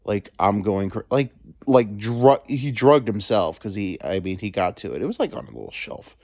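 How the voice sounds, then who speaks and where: A man's voice: on the low side, animated, moderate pace, a little mellow, dry recording. A man hosting a solo podcast from home, rambling crudely with joking asides. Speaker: podcast host. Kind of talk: casual solo monologue. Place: alone at home.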